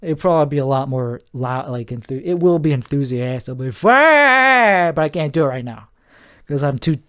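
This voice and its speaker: A man's voice: mid-range voice, a little fast, mellow. A tired man rambling on his solo podcast at home, meandering, self-deprecating and often trailing off mid-sentence. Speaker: podcast host.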